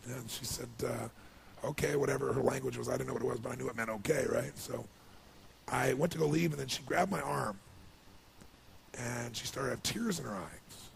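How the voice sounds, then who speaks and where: A man tells a heartfelt story at a live seminar, his voice deeply gravelly and full of fry. He swings from hushed emotion to excited bursts. A faint hiss of noise sits behind him. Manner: emotional, building to excited outbursts. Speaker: motivational speaker. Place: large seminar hall with audience.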